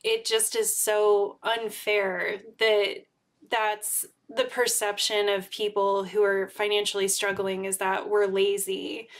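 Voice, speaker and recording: A woman hosts a relaxed livestream conversation, talking openly and bluntly. She swears freely and strings her thoughts together with plenty of "like" and "you know". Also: medium pitch, takes it slowly. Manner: candid, swears freely, many fillers. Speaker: host.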